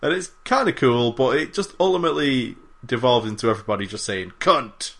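A man's voice: mid-range voice, sing-song, quick pace, vocal fry. A man co-hosting a podcast in casual chat, rambling and self-mocking with plenty of swearing. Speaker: podcast co-host.

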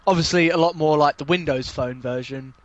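A man's voice: a little high, a little fast, dull audio. A man with a southern English accent, a podcast guest telling jokey, sweary stories in casual chat. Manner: sweary, jokey, animated storyteller.

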